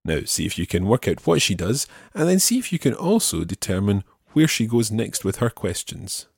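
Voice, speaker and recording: Low-voiced man teaching French phrases. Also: very animated, gravelly, husky, no room sound, studio quality. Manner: slow careful repetition of phrases. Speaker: language teacher.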